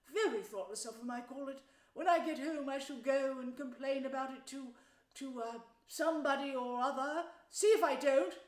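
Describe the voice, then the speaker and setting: A prim little storybook mole who grumbles and complains at every turn, voiced by a woman reading aloud. His voice sits high. The sound carries a roomy echo. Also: normal speed, lightly acted. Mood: grumbling. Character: fussy, grumpy male mole.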